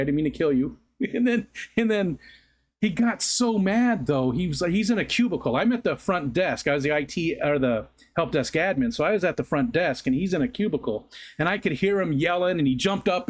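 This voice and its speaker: A middle-aged man hosting a livestream, telling rambling stories in casual chat, often correcting himself and laughing. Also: on the high side. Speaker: livestream host.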